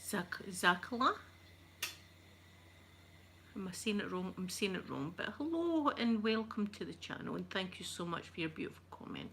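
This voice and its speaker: A Scottish woman making a casual, soft-spoken ASMR chat video at home while ironing, rambling and poking fun at herself. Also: fairly low pitch, animated, brisk, gravelly, hardly any pauses, slight background noise. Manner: chatty, rambling, self-deprecating. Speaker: ASMR YouTuber.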